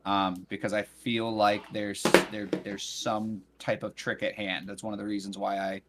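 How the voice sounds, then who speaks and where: Low-voiced man giving calm advice. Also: normal speed, very noisy. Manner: calm, advising, many "like" fillers. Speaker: guest. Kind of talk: casual livestream chat.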